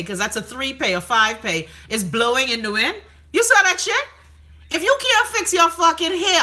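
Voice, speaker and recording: On a casual live stream, a woman reads viewer comments aloud, sounding brash, gossipy, and profane. Her voice is pushed and bright, and her pitch jumps dramatically without warning.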